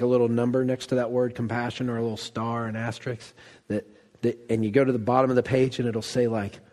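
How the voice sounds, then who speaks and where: A man preaching a sermon, telling a story with animated delivery and acting out quoted lines. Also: mid-range voice, big-room sound. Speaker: pastor.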